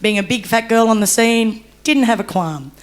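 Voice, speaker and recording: A woman's voice: fairly high pitch, normal speed. A young Australian woman telling her own story on a discussion panel, candid, laughing often and turning tearful.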